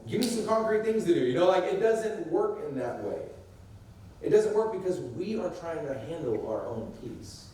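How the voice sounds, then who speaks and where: A man's voice: a little high, warm tone, a little hiss or hum. A man preaching a sermon as pastor, talking conversationally and acting out the quotes he discusses. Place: church sanctuary. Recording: echoey room heard from a distance.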